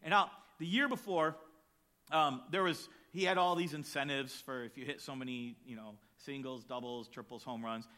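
A middle-aged male pastor preaching, telling a personal story with lively acted-out voices and then reading scripture aloud. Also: medium pitch, moderate pace. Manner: animated storytelling, acts out shouts and voices.

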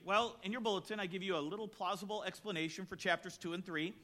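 A man preaching a sermon from a church stage, telling jokes and stories in an expressive way. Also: high-pitched, fast talker. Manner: storytelling, tells jokes from the pulpit, expressive. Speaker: pastor.

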